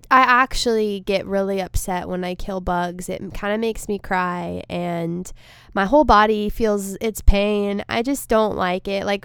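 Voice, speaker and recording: A woman with a smooth, medium-pitched voice hosts her podcast solo from a studio with no room sound. A comedian, she rambles through a casual monologue that's self-deprecating and emotional.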